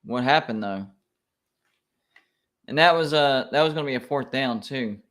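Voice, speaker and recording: A man streaming live reactions to college football games, excitable and quick to complain like an emotional fan. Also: mid-range voice.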